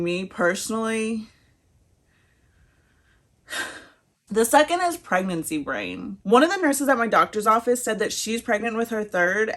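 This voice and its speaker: A woman in her thirties talks casually to her viewers, a little out of breath between words. She is chatty and laughs often, and her voice sits at an ordinary middle pitch. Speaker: vlogger. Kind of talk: casual talk to camera.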